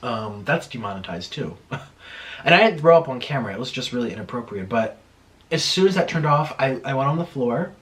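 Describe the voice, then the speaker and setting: A young man in casual chat as a mukbang vlogger at home, talking while he eats, chatty and animated, swearing when he gets heated. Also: medium pitch, fairly quick.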